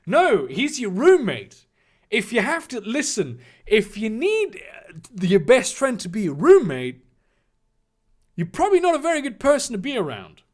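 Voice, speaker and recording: A man's voice: very high voice, huge pitch swings, measured pace. A man reading a story aloud for laughs, breaking off with sarcastic, swearing asides. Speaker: YouTube reader. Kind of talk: comedic reading with commentary.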